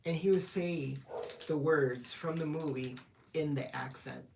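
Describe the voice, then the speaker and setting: Gravelly-voiced woman chatting with viewers while she wraps gifts at home, mic kinda far off, noisy background. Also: sits low, measured pace. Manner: chatty, greets viewers, laughs often; talks while wrapping gifts. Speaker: livestream host. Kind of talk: casual livestream chat. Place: home at night. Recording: distant mic with loud background noise.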